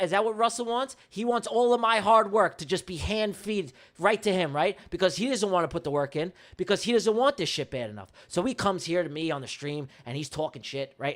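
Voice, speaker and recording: This trading livestream host's voice sits high with a fairly bright tone. His commentary is a blunt, heated rant full of profanity, with lines repeated for emphasis.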